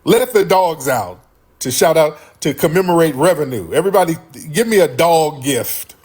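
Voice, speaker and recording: A man hosting a live stream, talking casually with loud laughter and profane banter. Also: on the high side, lively intonation, normal speed, husky. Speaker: livestream host.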